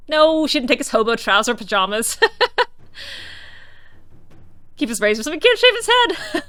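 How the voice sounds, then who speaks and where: Woman, let's-play commentary, smooth resonant voice, musing and teasing. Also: a little high, bright, forceful tone, dry recording. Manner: chatty, musing aloud with playful mock outrage. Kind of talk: casual gameplay commentary.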